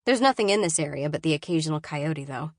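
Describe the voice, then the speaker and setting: A woman reading a novel aloud in first person, measured and often hushed and inward. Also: low voice, expressive, no room sound, clean studio sound. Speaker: audiobook narrator.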